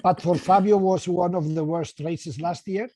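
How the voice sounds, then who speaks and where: A man talks in casual podcast chat, his voice sitting fairly high for a man. He speaks haltingly, restarting his phrases as he searches for words. The recording is very dry and close. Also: fairly even intonation, warm tone, no room sound. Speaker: podcast co-host.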